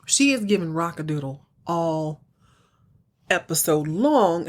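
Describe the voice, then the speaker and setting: A woman hosting a podcast, recapping a TV episode in a chatty, animated storytelling way. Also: mid-range voice, a little slow. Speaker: podcast host.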